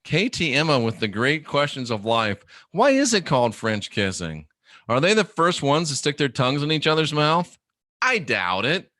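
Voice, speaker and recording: A man's voice: on the high side, very animated, moderate pace, sharp tone, no room sound, studio quality. A middle-aged man hosting a livestream, reading viewer comments aloud in a blunt, profane, joking way. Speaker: livestream host reading chat. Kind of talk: casual live chat.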